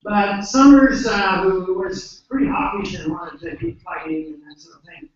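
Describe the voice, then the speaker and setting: An American man giving an earnest, emphatic speech at a conference, pausing often with hesitations. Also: sits high, sing-song, creaky. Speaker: conference speaker. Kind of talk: speech to an audience. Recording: echoey hall, distant mic, dull lo-fi.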